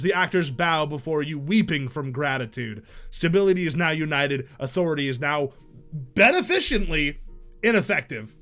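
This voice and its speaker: Animated male game streamer, reading aloud. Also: fairly high pitch, normal speed, soft background music. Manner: animated, jokey, bursts into loud shouts.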